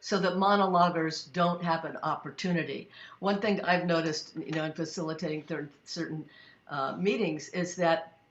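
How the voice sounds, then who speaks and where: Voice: mid-range voice, steady tone, normal speed, roomy sound, highs cut off. A moderator running a discussion, talking in a practical, conversational way.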